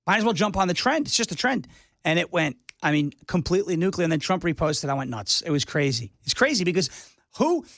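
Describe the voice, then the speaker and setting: A man appearing as a guest on a talk radio show, speaking in a rambling, excitable way about his comedy work. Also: on the high side, fairly quick, no room sound, studio quality. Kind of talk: casual interview chat.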